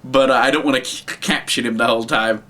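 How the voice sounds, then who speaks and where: A man who makes puppets, showing his creations in a casual, rambling way with many pauses and restarts. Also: medium pitch, fairly even intonation, pushed and bright. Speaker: puppet maker. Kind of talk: casual show-and-tell.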